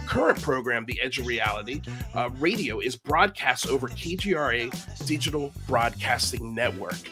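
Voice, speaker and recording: A man hosts a casual livestream interview with an upbeat, joking manner. His voice sits a little high, and he pokes fun at his own slip-ups. Faint music plays in the background. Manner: upbeat, self-deprecating, joking. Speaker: host.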